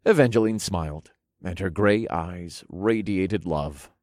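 A man narrating a first-person story for an audiobook, expressive, moving between low murmurs and loud bursts. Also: unhurried, no echo, clean studio sound.

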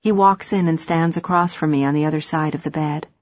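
A woman narrating a novel in the first person, with steady, measured storytelling. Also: low-pitched, dry recording, highs cut off. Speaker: audiobook narrator.

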